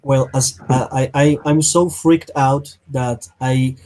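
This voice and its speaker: A man at mid pitch tells what his character does in a tabletop game. He tumbles through restarts as the action gets going. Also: a little hiss or hum, rough recording. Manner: excitable, halting storytelling. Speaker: player.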